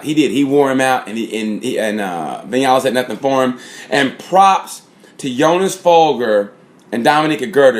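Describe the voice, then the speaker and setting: Regular guy rambling about the races, lots of um and uh, mid voice. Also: mid-range voice. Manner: rambling, lots of fillers and "props". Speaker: motorsport fan reviewer. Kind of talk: casual race recap. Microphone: phone or camera mic.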